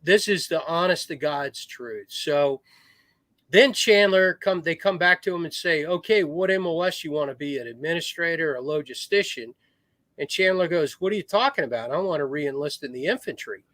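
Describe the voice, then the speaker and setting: Middle-aged guy spinning long military stories, kinda high voice, dead dry sound. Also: moderate pace, fairly bright tone, dry recording. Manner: rambling war stories with restarts, acts out quoted voices. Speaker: podcast guest, retired Marine officer. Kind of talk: casual storytelling.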